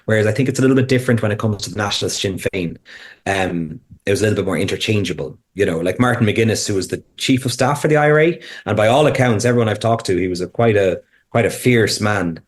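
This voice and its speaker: A man's voice: lowish voice, fast talker. A man speaking as a podcast guest, explaining casually while thinking aloud, with frequent restarts and fillers.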